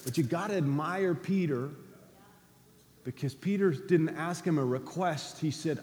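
A man preaching a sermon as a pastor, swinging between loud cries and low, quiet lines. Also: unhurried. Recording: long hall reverb.

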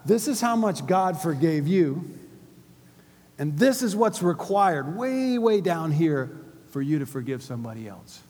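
A man preaching a sermon in a church, animated and emphatic, often putting questions to the congregation. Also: a little high, unhurried. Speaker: pastor. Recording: long hall reverb.

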